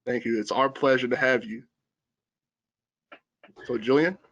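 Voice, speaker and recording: A man's voice: mid-range voice, steady tone, measured pace, fairly bright tone, lo-fi sound. A young man hosting a student panel over a video call, introducing guests earnestly and politely. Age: young adult. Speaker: student host. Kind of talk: hosted panel talk.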